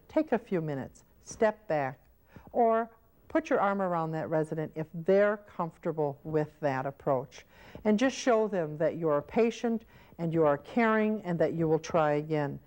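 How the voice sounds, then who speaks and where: Woman with a lowish voice giving a patient caregiver training talk, old vhs tape sound. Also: a little mellow. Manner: patient, explanatory, acts out short example scenes. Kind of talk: instructional video lecture.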